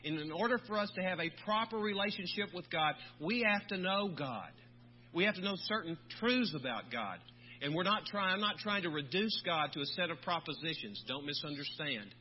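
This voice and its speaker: A pastor delivers a sermon in a slow, measured manner, stretching out the words he wants to stress. His man's voice sits fairly high. The recording is dull and lo-fi, with a faint hum underneath. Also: lively intonation. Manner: measured preaching, slowing on key words.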